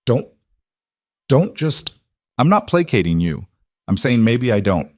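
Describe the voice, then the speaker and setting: A man voicing a guarded fifty-one-year-old crime boss who speaks in plain, deliberate sentences. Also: medium pitch, sing-song, darkish tone, dry recording, clean studio sound. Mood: earnest.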